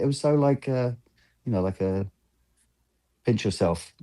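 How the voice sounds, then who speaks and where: A man in his fifties with a deep, dark, mellow voice tells casual, rambling stories from film sets. He keeps slipping into the voices of people he quotes, acting out the back-and-forth. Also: a little slow, slight background noise. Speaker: film lighting gaffer, guest. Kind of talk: casual interview storytelling.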